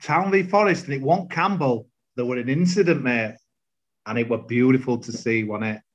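A man chatting excitedly about football, full of banter. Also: medium pitch, normal speed, dull audio. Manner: excitable, banter-filled, says mate a lot. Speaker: podcast contributor. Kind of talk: casual football chat.

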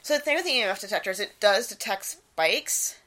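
A young woman co-hosting a casual podcast, giggling often and acting out loud quotes. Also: medium pitch, a little fast. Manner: giggly, animated, breaks into loud quoted yelling. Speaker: podcast co-host.

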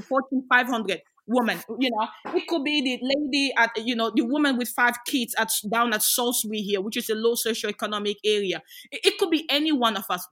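A young Australian woman appears as an interview guest to speak on women's rights, passionate and forceful, posing many rhetorical questions. Her voice is a little high and a bit bright.

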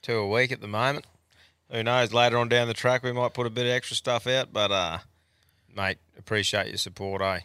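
An Australian man hosting a podcast, chatting casually with relaxed, sweary banter. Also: mid-range voice, a little fast, smooth, no room sound. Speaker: podcast host. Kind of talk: casual chat.

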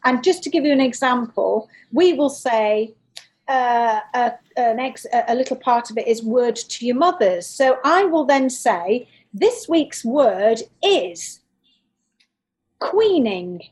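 Woman host, 50s, high voice, cheeky, animated, casual chat. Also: unhurried. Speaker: podcast host.

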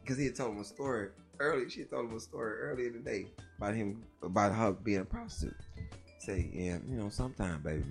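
A woman chatting casually as a podcast host, telling loud, profane stories and laughing often. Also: rumbling low, quick pace, creaky, faint music behind. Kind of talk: casual chat.

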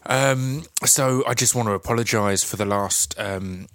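A man with an Essex accent talks casually through his podcast intro. His voice sits a little low and comes across dry and close. He rambles along, with plenty of ums and restarts. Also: unhurried, fairly bright tone, dry recording. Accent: Essex English. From Essex, England. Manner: chatty and rambling, with many fillers and restarts. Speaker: podcast host.

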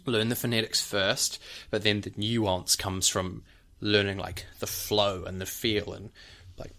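Low-voiced man explaining in casual chat. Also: little pitch movement, unhurried, sharp tone. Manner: explains at length, with many "like" and "you know" fillers; breaks off to demonstrate accent sounds. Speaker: podcast co-host, actor.

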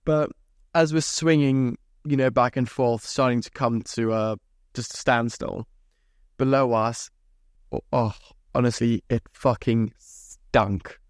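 A man's voice: medium pitch, fairly even intonation, slow, no echo, clean studio sound. A young man from Zimbabwe hosting a podcast, telling rambling, chatty stories with casual swearing. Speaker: podcast host. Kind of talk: casual storytelling monologue.

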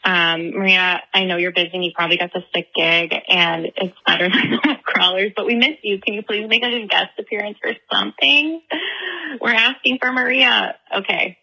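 A woman's voice: mid-range voice, moderate pace, vocal fry, bright, forceful tone, low-quality recording. A young woman from the Chicago area leaving a rambling voicemail, telling a story with frequent giggles. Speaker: voicemail caller. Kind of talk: voicemail anecdote.

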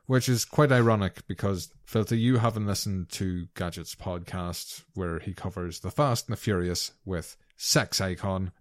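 A man's voice: low voice, moderate pace, few pauses, no room sound, studio quality. A man hosting a gaming podcast in casual chat, teasing his co-host dryly and reading listener mail aloud. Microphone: podcast microphone.

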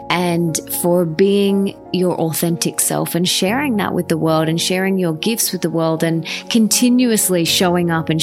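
Aussie lady podcast host, kinda low voice, gushy and grateful, faint music under it. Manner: enthusiastic, gushing with gratitude. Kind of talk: casual interview chat.

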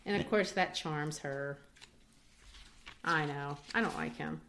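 A woman teaching literature in a lively way, discussing a play and acting out its quoted lines. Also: low-pitched, takes it slowly, a little hiss or hum. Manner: animated, acts out quoted lines.

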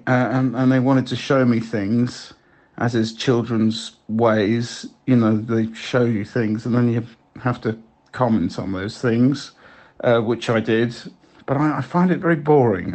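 A man leaving rambling, halting voicemail messages for a friend, with many restarts. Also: medium pitch, lightly acted. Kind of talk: improvised comedy voicemails.

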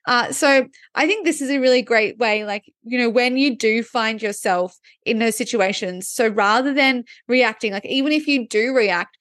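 A woman's voice: fairly high pitch, normal speed, few pauses, fairly bright tone, no echo, studio quality. A woman co-hosting a casual wellness podcast, talking through ideas reflectively with frequent "like". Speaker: podcast co-host.

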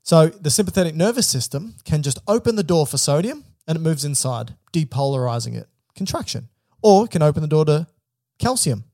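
Male podcast co-host, gravelly and warm, dry close sound, patient step-by-step teacher. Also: fairly high pitch, lively intonation, brisk, hardly any pauses, no echo. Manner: explains step by step, checks in with "right?". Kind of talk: educational physiology podcast chat.

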